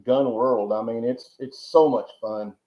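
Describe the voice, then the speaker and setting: A man's voice: medium pitch, steady tone, measured pace, dark tone. A man from Georgia, telling long rambling stories as a podcast guest, often repeating words and adding folksy asides. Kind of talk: casual storytelling interview. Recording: roomy, dull lo-fi sound.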